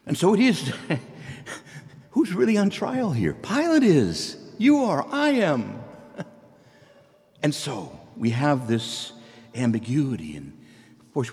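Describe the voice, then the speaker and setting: A man's voice: mid-range voice, darkish tone, long reverb tail. A man preaching a sermon, earnest and pleading, who climbs to exclamations and then drops to near whispers.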